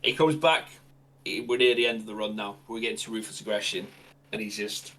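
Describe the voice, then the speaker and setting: A man's voice: fairly low pitch, a little fast. Male host improvising a wrestling story. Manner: animated, improvising. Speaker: podcast host. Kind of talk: fantasy-booking storytelling.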